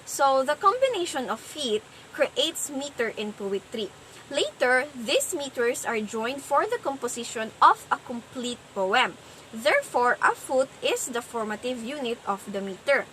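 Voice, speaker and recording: Slow, high-voiced woman presenting a lesson. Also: big pitch swings, fairly bright tone, slight background noise, rough recording. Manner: slow, explanatory, sounds out stress patterns. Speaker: student presenter. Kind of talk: class presentation on poetry.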